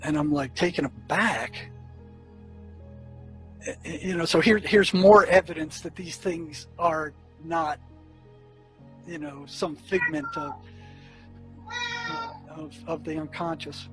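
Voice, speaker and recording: A man's voice: a little high, music in the background, poor audio. Earnest man recalling prison therapy. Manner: earnest, halting with restarts and fillers. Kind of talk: storytelling recollection.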